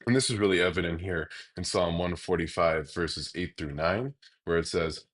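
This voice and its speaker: A man teaching a Bible lesson in a relaxed, explanatory way, often pausing with hesitations as he talks. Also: sits low. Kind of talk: casual teaching monologue.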